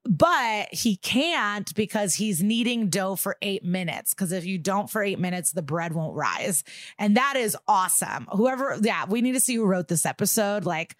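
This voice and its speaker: A woman co-hosting a podcast, recapping an episode in casual, animated chat and swearing freely. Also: medium pitch, normal speed, no room sound, studio quality. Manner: animated, swearing, acts out quotes. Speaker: podcast co-host.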